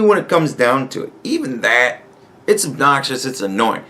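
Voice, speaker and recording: A podcast host delivering a profane, sarcastic rant in an exasperated tone. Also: male voice, medium pitch, big pitch swings, moderate pace, sharp tone. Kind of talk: ranting commentary.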